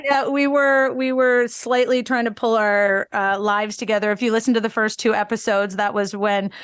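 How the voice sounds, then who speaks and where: A woman co-hosting a chatty podcast, teasing her friend in a bubbly way and swearing freely. Her voice sits fairly high and sounds close and dry, with no room echo. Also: steady tone, moderate pace, clean tone. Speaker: podcast co-host. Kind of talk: casual chat.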